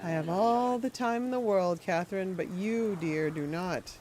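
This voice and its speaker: An unsettling old man creeping through his lines in a slow, syrupy voice, as a woman reads him from a game. His pitch sits on the low side, and his menace stays quiet and patient. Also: lightly acted. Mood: menacing. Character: creepy older man, unsettling self-appointed guardian. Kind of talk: reading game dialogue aloud.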